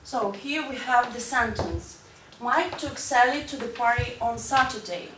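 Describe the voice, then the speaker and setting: In a school classroom, a woman teaches an English grammar lesson step by step, checking in with "right?". Her voice is on the high side and a little slow. It's recorded from far off in an echoey room with background noise.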